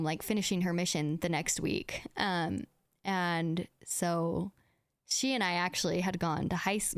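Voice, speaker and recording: Casual storytelling fills this podcast, where a young woman speaks at a medium pitch, leaning on "like" and acting out what people said. The sound is clean and studio-made, with no room noise.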